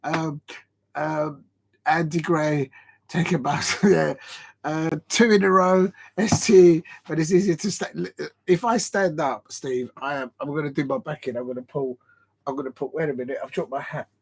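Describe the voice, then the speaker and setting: A man hosts a late-night football stream from home. His voice sits a bit high. He rambles and laughs, sounding out of breath. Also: steady tone, normal speed, slightly rough. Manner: chatty and rambling, laughing between tries at headers. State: tired and short of breath. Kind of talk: live watch-along stream chat.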